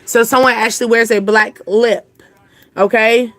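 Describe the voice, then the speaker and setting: A woman's voice: a little high, steady tone, normal speed, a bit bright, no echo. A woman hosting a casual live reading, rambling chattily and answering comments from her chat. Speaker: channel host giving intuitive readings.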